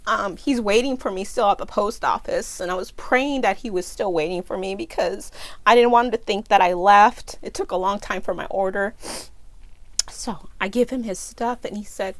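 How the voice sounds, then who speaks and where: A woman's voice: medium pitch, normal speed, dry recording. A woman from California telling a personal story to camera, growing emotional and tearful as she speaks, quoting her own thoughts aloud. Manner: emotional, breaks into tears and apologizes while telling the story. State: tearful, voice breaking. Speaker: nonprofit founder and vlogger.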